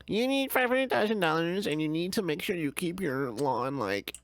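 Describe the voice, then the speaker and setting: A man's voice: on the high side, expressive, moderate pace, pitched above the performer's own voice. A man putting on the voice of a fussy homeowners association official making demands. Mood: nagging.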